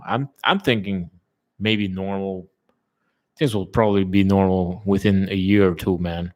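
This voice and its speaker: Relaxed, rambling man with a lowish voice. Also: moderate pace. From lives in a tourism-based place, has lived abroad. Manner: relaxed, rambling, swears often, many fillers. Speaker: channel host chatting with viewers. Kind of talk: casual live chat.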